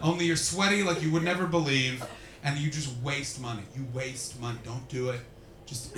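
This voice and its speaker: A man doing stand-up comedy, loudly and profanely teasing audience members. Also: mid-range voice, background noise. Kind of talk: stand-up crowd work. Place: comedy club before a live audience. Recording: echoey club with loud crowd.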